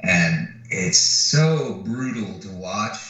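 Speaking extremely slowly in a low voice, a male podcast co-host casually walks through a film plot with plenty of swearing and animated, acted-out lines. He sits far from the mic in a very echoey room, giving a dull sound.

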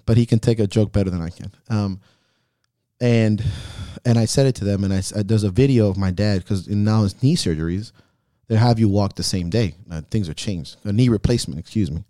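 A man's voice: lowish voice, warm tone, dry recording, studio quality. A man hosting a podcast, telling heartfelt personal stories in casual talk full of swearing. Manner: profane, heartfelt storytelling. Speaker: podcast host.

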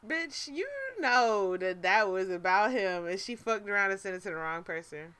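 A woman in her late twenties co-hosting a podcast, telling stories in a profane, animated way and laughing often. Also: medium pitch, normal speed, smooth. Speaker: podcast co-host. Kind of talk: casual chat, storytelling.

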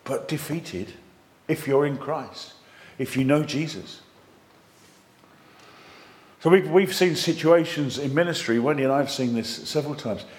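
A man preaching a sermon, lively and conversational with jokey asides, reading scripture aloud with strong emphasis. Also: on the high side, measured pace.

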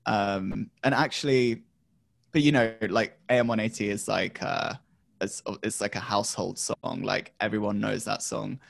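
Male co-host, low gravelly voice, dry close mic, rambling talk. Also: fairly even intonation, moderate pace, dry recording. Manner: rambling, many ums and restarts. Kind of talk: casual music chat.

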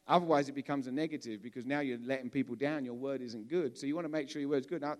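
A man from England preaching a sermon in a relaxed, conversational way, often restarting and repeating words as he talks. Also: medium pitch, fast.

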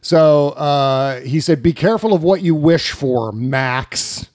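A man's voice: fairly high pitch, takes it slowly, darkish tone, no echo, studio quality. A man hosting a political podcast, ranting with indignation and swearing freely. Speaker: podcast host. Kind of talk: political talk show banter.

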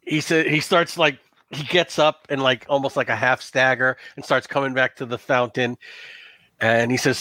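A man's voice: medium pitch, steady tone, normal speed, bright, forceful tone, dry recording. A man narrating a tabletop game as game master in a casual, rambling way, with lots of "like" and "um.".

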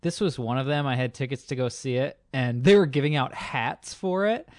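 A man's voice: medium pitch, normal speed, dry recording, studio quality. A man co-hosting a podcast in casual chat, loose and joking, with plenty of fillers. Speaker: podcast co-host.

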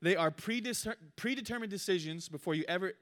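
Male preacher, high voice, lively storyteller. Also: quick pace. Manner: animated storytelling with jokes. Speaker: pastor. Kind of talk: sermon.

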